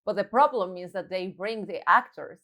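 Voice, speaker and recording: A woman's voice: medium pitch, moderate pace. A woman in her thirties with a Mexican accent, co-hosting a podcast in casual chat and telling stories with frequent laughs. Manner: chatty, laughing, animated storytelling. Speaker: podcast co-host.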